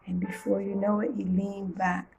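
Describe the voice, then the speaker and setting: A woman reading a children's storybook aloud with playful, expressive storytelling. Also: mid-range voice, normal speed, creaky, faint music behind, poor audio.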